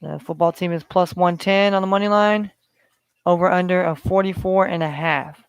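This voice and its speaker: A man's voice: sits high, steady tone, moderate pace, clean tone, no echo, lo-fi sound. A man hosting a solo sports betting podcast, talking in a rambling way with many fillers. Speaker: podcast host.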